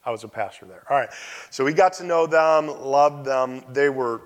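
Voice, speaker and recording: Male pastor, sermon delivery, expressive with quiet asides, mid-range voice, long church reverb. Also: medium pitch, normal speed.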